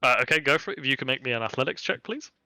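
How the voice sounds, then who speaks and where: A man's voice: medium pitch, expressive, rapid-fire, pushed and bright, no room sound, faint music behind. A man narrating a tabletop game as game master, casual and full of fillers.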